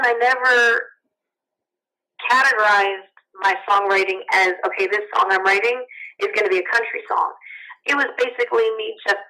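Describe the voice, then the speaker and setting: Young adult woman guest from New Jersey; bright, animated storyteller, phone-line sound. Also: medium pitch. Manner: chatty, animated, acts out quoted voices. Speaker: guest singer-songwriter. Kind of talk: casual interview storytelling.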